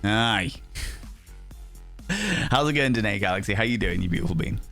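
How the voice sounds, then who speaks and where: A man's voice: lowish voice, big pitch swings, fast, gravelly, fairly bright tone, faint music behind. A man chatting playfully and theatrically on a game stream, laughing often. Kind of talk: casual live-stream chat.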